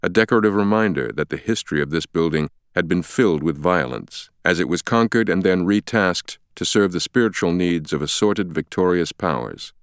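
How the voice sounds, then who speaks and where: A man narrates a thriller audiobook in a measured, even storytelling delivery. His voice sits very low. The recording is dry and close, with no room sound. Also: clean tone, no echo. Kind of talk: scripted narration.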